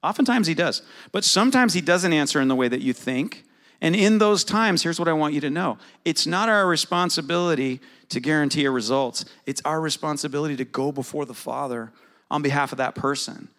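A man's voice: a little high, brisk, a bit bright. A middle-aged man preaching a sermon in a conversational way, asking his congregation questions. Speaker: pastor.

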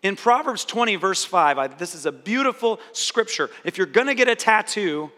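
A male pastor delivers an animated sermon in a high, bright voice. He slips into voices for the people he quotes. His words ring out with a long reverb, as in a large church. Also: normal speed.

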